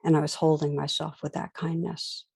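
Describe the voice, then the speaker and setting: Woman, meditation teacher, dharma talk, warm mellow tone, gentle unhurried delivery. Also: low-pitched, flat delivery, creaky, breathy edge. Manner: gentle, unhurried storytelling with soft pauses.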